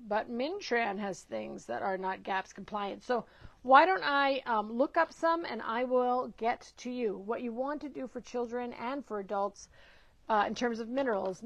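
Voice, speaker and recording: With a fairly high voice and no echo, a middle-aged woman leads a casual nutrition Q&A live stream, captured in dull, dry, lo-fi audio. She greets viewers by name and encourages them, though some hesitant fillers slip in.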